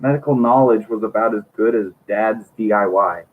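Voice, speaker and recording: A man's voice: on the low side, normal speed. A man reading a book aloud on his channel, stumbling over words and breaking off for wry joking asides. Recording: tinny lo-fi mic, faint hiss.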